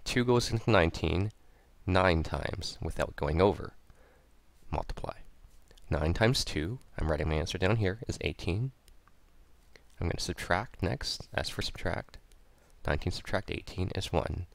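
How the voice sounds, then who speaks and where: A man with a low voice and a gravelly edge walks through a math lesson one step at a time. He talks patiently, repeating each step aloud as he writes. The sound is dry and close. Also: measured pace, no echo. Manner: patient, repeats steps aloud while writing. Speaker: math teacher. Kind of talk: step-by-step tutorial explanation. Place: at a computer, recording a screen lesson.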